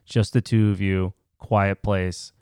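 A man's voice: sits low, little pitch movement, slow pace, a little mellow, clear, resonant tone, no echo, clean studio sound. A young man co-hosting a podcast in casual chat, easygoing and loose with "like" fillers. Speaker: podcast co-host.

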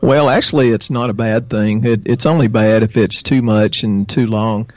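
A man's voice: on the low side, steady tone, normal speed, darkish tone. A Texan man talks as a podcast guest, explaining health topics in a rambling, folksy way full of fillers. His recording sounds dull and lo-fi, but dry, with no room echo. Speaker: guest, natural health practitioner. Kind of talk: casual interview.

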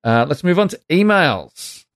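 A man's voice: a little high, sing-song, a little slow, no room sound, studio quality. A man co-hosting a casual gaming podcast, chatting and reading listener emails aloud. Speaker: podcast co-host. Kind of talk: casual chat.

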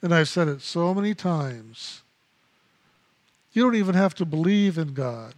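A man giving a spiritual meditation teaching, speaking slowly and in a measured way and repeating key phrases. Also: a little high, lively intonation.

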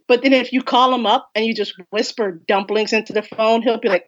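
A woman's voice: mid-range voice, fairly even intonation, normal speed, few pauses, a bit bright, low-quality recording. A woman horror writer speaking from home in an effusive, rambling, casual interview chat.

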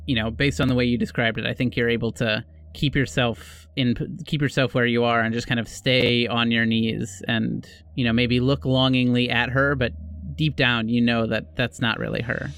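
A man's voice: mid-range voice, level tone, normal speed, few pauses, fairly bright tone, clean tone. A man narrating a tabletop horror game as game master, drawing out descriptions. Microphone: podcast microphone.

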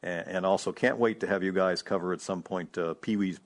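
Low-voiced, easygoing male listener. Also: steady tone, a little fast. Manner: easygoing, hesitant with many fillers.

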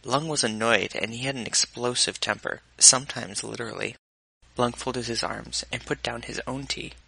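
A man reading a story aloud in a measured, even narration. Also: medium pitch, vocal fry, breathy edge, no echo, rough recording. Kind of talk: audiobook narration.

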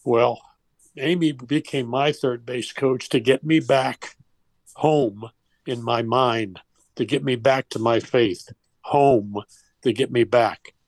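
A man's voice: medium pitch, slow, no room sound. An older man and former baseball coach, telling a personal story in a heartfelt, rambling way with restarts.

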